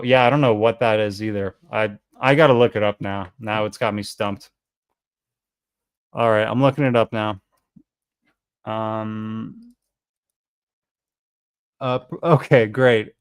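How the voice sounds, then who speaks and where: A man's voice: on the low side, clear, resonant tone, no room sound. An American man hosting a fragrance live stream, chatting in a rambling, self-deprecating way. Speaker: fragrance channel host. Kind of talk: casual live-stream chat.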